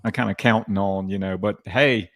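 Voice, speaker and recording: A man's voice: fairly low pitch, steady tone, moderate pace. A man with a Southern US accent, guest co-host on a livestream, talking in a laid-back, easygoing drawl.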